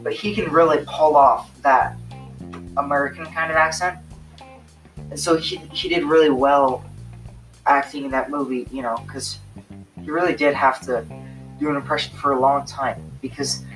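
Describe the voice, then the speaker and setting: A man's voice: fairly high pitch, fairly even intonation, moderate pace, long pauses, fairly bright tone, faint music behind, rough recording. A teenage boy co-hosting a podcast in laid-back, giggly casual chat. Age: teens. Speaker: podcast co-host.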